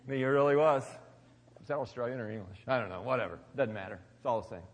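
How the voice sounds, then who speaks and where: A man giving a conversational sermon as pastor, swinging between loud emphasis and quiet, hushed lines. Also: medium pitch, steady tone, brisk, long reverb tail. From United States.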